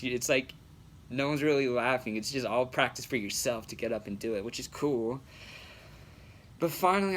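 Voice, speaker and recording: A young man, an amateur comic, telling a story in a relaxed, slangy way with plenty of swearing. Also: medium pitch, slight background noise. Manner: laid-back, slangy, swears freely. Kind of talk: casual storytelling.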